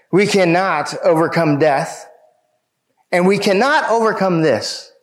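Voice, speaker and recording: A man preaching a sermon, speaking emphatically and addressing his listeners directly. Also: fairly high pitch.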